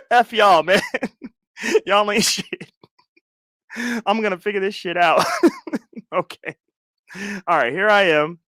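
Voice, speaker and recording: A man in his thirties hosting a casual livestream chat, loud and animated, laughing constantly. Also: high-pitched, takes it slowly, pauses often, dry recording, clean studio sound. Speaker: livestream host.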